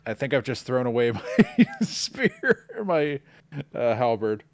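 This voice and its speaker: A man's voice: medium pitch, big pitch swings, takes it slowly, no room sound, soft background music. A man playing a tabletop game casually, laughing between lines. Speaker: player.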